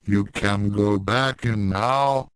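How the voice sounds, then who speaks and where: A man's voice: lowish voice, slow, clear, resonant tone, dry recording. A man reading the lines of a cocky, brash young male martial artist with a mocking tone.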